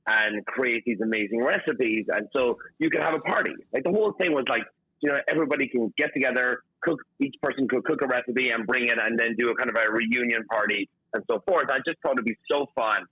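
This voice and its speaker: A man's voice: medium pitch, a little fast, sharp tone, husky, dry recording, highs cut off. A man, a chef being interviewed, chatting upbeat with lots of "like" and "you know". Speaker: chef and guest. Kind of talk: phone-in interview.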